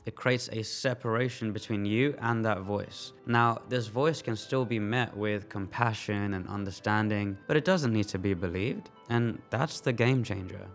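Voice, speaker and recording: A man who works as a life coach gives a motivational talk to the camera. He speaks in a calm, earnest way and often asks the listener direct questions. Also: mid-range voice.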